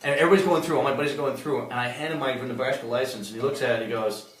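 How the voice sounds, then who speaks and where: Male comedian co-host, rapid animated storyteller, recorded a bit off-mic in a roomy space. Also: mid-range voice, recorded from a distance. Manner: animated storyteller, quick laughs. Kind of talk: casual podcast chat, storytelling.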